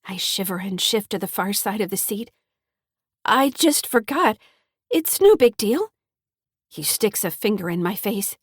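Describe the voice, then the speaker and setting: A frightened teenage girl tells her own story in a shaky, pleading voice, as a woman reads the audiobook. Her pitch sits in the middle and the sound is dry and close to the mic. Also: big pitch swings, unhurried, slightly rough, dry recording. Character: frightened teenage granddaughter, first-person narrator. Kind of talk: audiobook narration.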